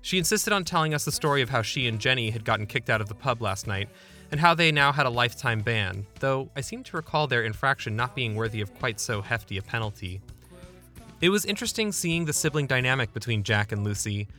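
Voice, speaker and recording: A man's voice: mid-range voice, animated, fairly quick, pushed and bright, faint music behind. A young man narrating his own memoir in a wry, self-deprecating, conversational way. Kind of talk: memoir storytelling.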